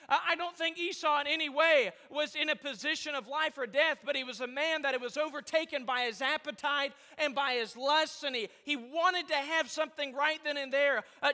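Male preacher, very high and bright voice, emphatic repetition, church hall reverb. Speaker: pastor. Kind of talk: sermon.

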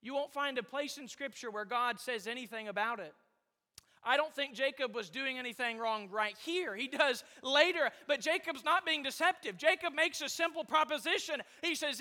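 A male pastor preaching a sermon to his congregation with repetitive, emphatic phrasing and pauses. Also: extremely high pitch, sharp tone. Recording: long reverb of a church hall.

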